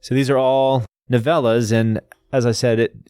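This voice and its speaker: A podcast host with a mid-range, slightly mellow, smooth voice casually explains a novel's background at normal speed and in a flat delivery. He lists facts and frequently stops to restart his sentences, recorded cleanly in a studio with no room sound.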